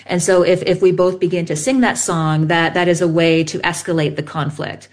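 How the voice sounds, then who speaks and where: Woman scientist, kinda low voice, patient methodical explainer, interview answers. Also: fairly even intonation, moderate pace. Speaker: bird song researcher guest.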